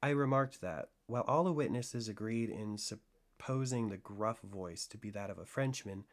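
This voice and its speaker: A man reads a classic story aloud in a steady, deliberate way. His voice sits on the low side, and the delivery stays measured and unhurried. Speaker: narrator. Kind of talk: audiobook reading of classic fiction.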